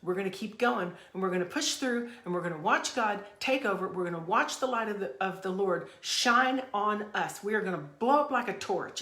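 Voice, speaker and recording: A woman's voice: mid-range voice, a bit bright. A woman hosting her own podcast, delivering a fervent, emphatic motivational rant full of repeated phrases. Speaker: podcast host. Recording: echoey room.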